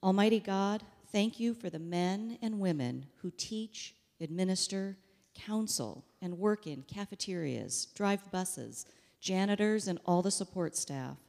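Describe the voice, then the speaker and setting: A woman leading a congregation in a steady, reverent pastoral prayer. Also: mid-range voice, measured pace, vocal fry, in a large hall. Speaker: worship leader leading prayer.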